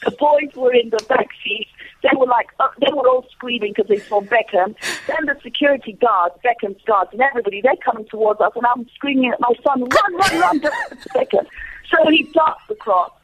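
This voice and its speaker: A woman guest telling a story in an animated way, often repeating words, over a tinny phone line. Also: on the high side, brisk, hardly any pauses, husky. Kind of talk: lively storytelling on a call.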